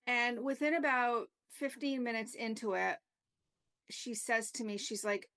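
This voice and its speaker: Chatty, higher-voiced woman teaching. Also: a little slow, fairly bright tone. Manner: chatty, peppers talk with "like" and "okay?". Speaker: reflexologist and yoga teacher. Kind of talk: casual storytelling and explanation.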